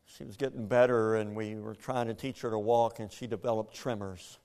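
A man's voice: on the low side, fairly even intonation, normal speed, darkish tone, clear, resonant tone. A man, telling a personal story in an earnest, plainspoken way. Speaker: speaker telling his story. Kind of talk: personal testimony.

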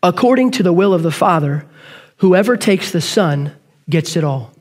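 A man voicing a calm, firm male auctioneer calling for bids in a story told during a sermon. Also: sits high, normal speed.

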